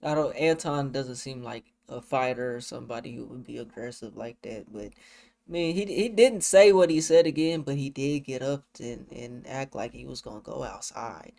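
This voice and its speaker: A man's voice: medium pitch, moderate pace, gravelly, a little mellow, dry recording. A man reacting casually on a livestream, slangy and joking, laughing often. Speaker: streamer reacting to clips. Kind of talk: casual reaction stream chat.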